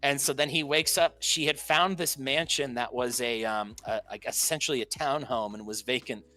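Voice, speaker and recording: A man's voice: medium pitch, moderate pace, soft background music. A man co-hosting a casual podcast, retelling anime scenes with lots of energy and acting out quoted lines. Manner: animated storytelling, acts out quoted lines. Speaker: podcast co-host. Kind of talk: casual chat.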